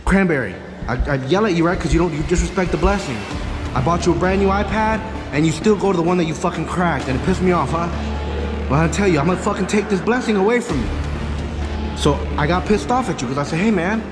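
A man's voice: sits high, expressive, quick pace, in a large hall, music in the background. A man with a Texan accent, a dog trainer talking casually and profanely to the camera, his dogs and a helper while he trains.

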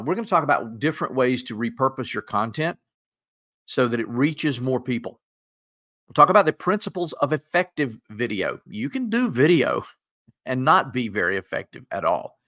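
Folksy lower-Appalachian man presenting. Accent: Southern US, lower Appalachian. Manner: folksy, self-deprecating, energetic. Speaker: presenter of a training webinar. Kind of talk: webinar presentation. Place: converted home bedroom studio.

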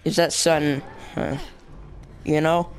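A man's voice: fairly high pitch, flat delivery, slow pace. A young man commentating his own gameplay, rambling and jokingly insulting the characters on screen. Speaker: gaming channel host. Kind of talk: let's play commentary.

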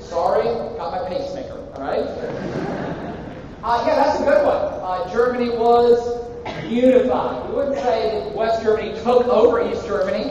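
A man's voice: very high-pitched, moderate pace, warm tone, a little hiss or hum. A male university professor giving a live lecture, joking irreverently and quizzing his students in a large hall. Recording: echoey lecture hall from far off, dull.

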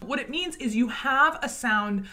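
A woman talks shop about singing with a bright, ringing tone. Her pitch swoops widely as she explains things, and she slips into quick vocal demos to show what she means. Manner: animated, demonstrates sounds with her own voice. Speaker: co-host talking about singing voices. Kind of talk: casual chat about vocal technique.

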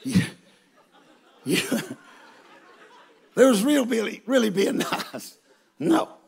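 Gravelly high-voiced preacher, slow and folksy. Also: male voice, big pitch swings, a faint crowd, slight background noise. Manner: folksy, emphatic, bursts into shouts. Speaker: guest preacher. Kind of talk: humorous storytelling sermon. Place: large church auditorium with a live congregation.

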